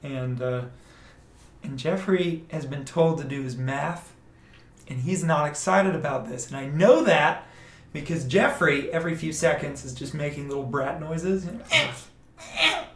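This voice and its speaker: Animated man telling a story in an echoey room. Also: on the high side, a little slow. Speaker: guest, violin teacher. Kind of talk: casual storytelling in a podcast interview.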